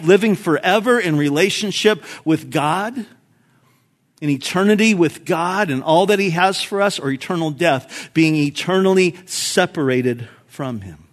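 Middle aged pastor guy preaching, pretty high voice, gets loud then drops way down. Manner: expository preaching, rises and drops in volume for emphasis. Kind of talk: sermon.

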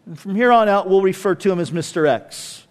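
Male pastor, high voice, preaching a relaxed conversational sermon. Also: fairly quick. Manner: conversational, with casual asides.

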